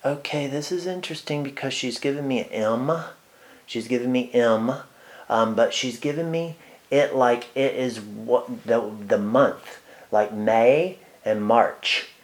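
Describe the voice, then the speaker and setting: A man working as a psychic medium gives a one-on-one reading in a mid-range voice. He speaks haltingly, with many fillers and restarts, sometimes dropping into soft murmured asides.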